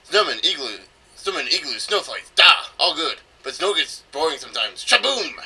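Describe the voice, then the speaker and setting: Gruff male bomb creatures, a man doing the voices, broken English, put-on foreign accent, bright sharp tone. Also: mid-range voice, wildly swooping pitch, very slow, exaggerated voice, poor audio. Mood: dreamy. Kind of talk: reading game dialogue aloud.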